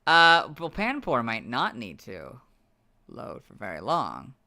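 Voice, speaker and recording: A young man who is losing his voice, muttering asides while editing on a livestream, then reading out stat entries loudly. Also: mid-range voice, huge pitch swings, slow, vocal fry. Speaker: video creator editing on a livestream. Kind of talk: casual livestream chat and reading out stats.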